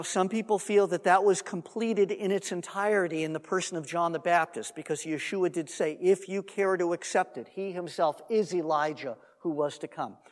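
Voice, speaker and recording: Heard with a long, large-hall echo, a Messianic teacher with a very high voice delivers a Bible teaching sermon. He tells it like an animated story, acting out what people said, and keeps it undogmatic with casual asides.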